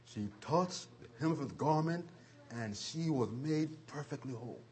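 A man preaching a sermon, retelling scripture stories with chuckles and dramatic slowdowns. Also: fairly high pitch, lively intonation, a little mellow.

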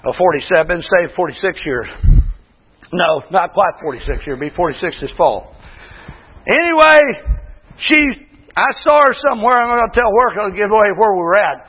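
A man in his sixties, a pastor preaching a folksy sermon with shouted bursts and homely stories. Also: high-pitched, animated, moderate pace, breathy edge. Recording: tinny phone-like sound in a long-echo hall.

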